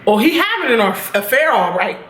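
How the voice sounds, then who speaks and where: A young woman casually reviewing a TV episode, animated and profane, laughing at her own reactions. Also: on the high side, fairly quick. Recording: echoey room with faint noise.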